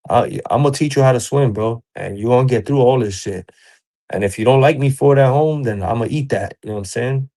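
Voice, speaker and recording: A man's voice: medium pitch, brisk, warm tone. A man who works as a boxing coach, talking in a laid-back, casual way and constantly checking in with "you know what I'm saying.". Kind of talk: casual interview chat.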